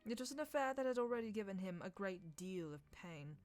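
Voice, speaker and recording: A woman reading a classic novel aloud in measured, lightly dramatic narration over faint background music. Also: mid-range voice, animated.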